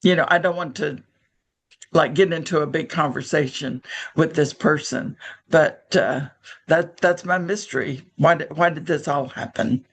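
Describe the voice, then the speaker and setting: A woman's voice: low voice, unhurried, slightly rough. An older woman from the American South with a Southern accent, telling a personal story on a video call in a reflective, frank, wry way. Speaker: workshop participant.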